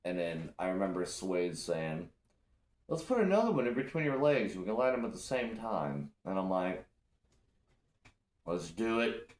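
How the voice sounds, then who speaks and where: A man with a very low voice tells rowdy stories in casual conversation, swinging his pitch widely as he gets into them. His talk is loose and full of swearing. The sound is echoey, with faint background noise. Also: moderate pace. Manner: loose, profane, animated storytelling. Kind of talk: casual storytelling chat.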